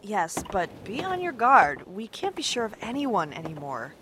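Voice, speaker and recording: A woman playing a sharp-tongued adventurer in a comedy audio drama, with a dry, sardonic delivery. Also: medium pitch, huge pitch swings, moderate pace, background noise. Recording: music in the background.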